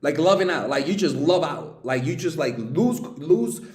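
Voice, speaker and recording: A young man talks through dating advice in a loose, casual vlog. He curses freely and restarts his sentences often, while his pitch swings high and low. The room sounds echoey. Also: normal speed, soft background music. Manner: animated, profane, many restarts. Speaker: dating coach.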